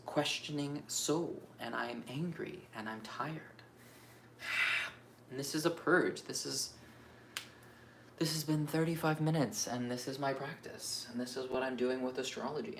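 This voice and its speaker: A man's voice: mid-range voice, a bit bright. A man giving a raw, unscripted monologue for his astrology channel, cursing freely as he vents. He circles around his thoughts and second-guesses himself aloud, with a faint hum of room ambience behind him. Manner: frank, profane venting; restless, self-questioning rambling.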